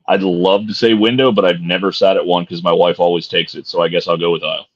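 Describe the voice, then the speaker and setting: Middle-aged male co-host, very low and easygoing, swears freely and jokes, muffled lo-fi audio. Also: little pitch movement, fast. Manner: laid-back and profane, jokey. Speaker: podcast co-host. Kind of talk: casual chat. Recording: dull lo-fi sound.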